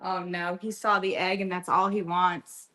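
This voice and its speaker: A woman's voice: fairly low pitch, little pitch movement, normal speed, sharp tone. Woman streaming casually from her kitchen. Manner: coaxing baby talk to her dog, reading chat aloud. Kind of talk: casual live-stream chat while cooking. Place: home kitchen.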